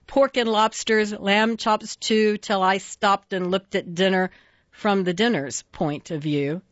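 A woman reading children's poems aloud in a playful, expressive sing-song way. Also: mid-range voice, dry recording, muffled recording. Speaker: reader.

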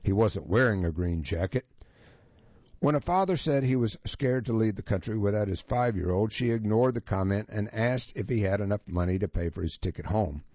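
A man presenting a magazine feature as scripted narration, reading in a measured, even manner. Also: on the low side, no room sound. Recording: dull, lo-fi, dry sound.

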